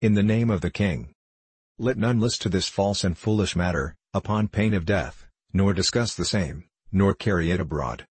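A man's voice: sits low, normal speed, husky, no room sound. A man as a solemn royal herald. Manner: formal, declaiming. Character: solemn court official making proclamation.

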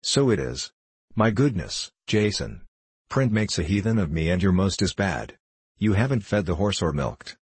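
Man reading as a brisk, fond mother. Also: low voice, sing-song, slightly rough, dry recording, heavily acted. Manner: vigorous, affectionate. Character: warm Eastern mother, energetic.

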